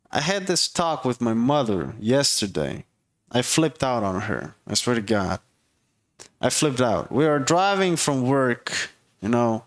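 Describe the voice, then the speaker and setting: A man hosting a casual comedic rant with dating advice, blunt and profane, who keeps driving his points home with "okay?". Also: medium pitch. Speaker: host giving dating and relationship advice.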